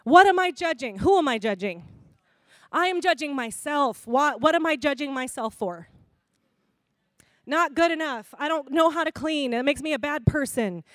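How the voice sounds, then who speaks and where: A woman preaching a sermon in a conversational, expressive way, laughing often. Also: sits high, normal speed, no echo.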